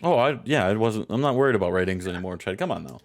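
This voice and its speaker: A man co-hosting casual gameplay commentary, sarcastic and swearing freely in lively banter. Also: on the low side, quick pace, vocal fry. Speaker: co-host.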